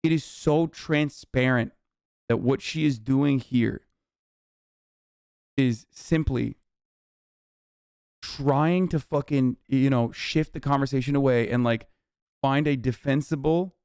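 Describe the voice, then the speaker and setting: A man's voice: mid-range voice, slow pace, pauses often, a little mellow, clean tone, no echo, studio quality. A man reacting to the news on a live stream, ranting in a heated, profane, sarcastic way.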